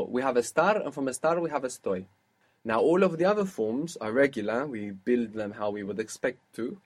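A man's voice: medium pitch, breathy edge. A man teaching a spoken language lesson, patiently explaining grammar step by step and quizzing his student.

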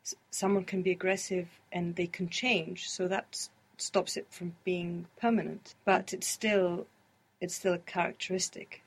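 Husky woman answering as a student. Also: fairly low pitch, flat delivery, normal speed. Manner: brief, careful answers, thinks aloud. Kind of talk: answering in a language lesson.

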